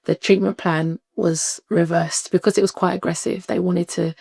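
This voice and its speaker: A woman, a podcast guest telling a personal story in lively conversation, acting out what people said and laughing often. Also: on the low side, normal speed, gravelly, slightly rough, no room sound. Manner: animated, acts out quoted voices, laughs often.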